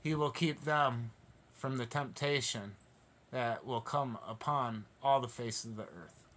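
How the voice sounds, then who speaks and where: Male preacher, passionate and emphatic, slow deliberate scripture reading, mid-pitched voice. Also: fairly bright tone. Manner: passionate, stirred up. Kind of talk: Bible study sermon.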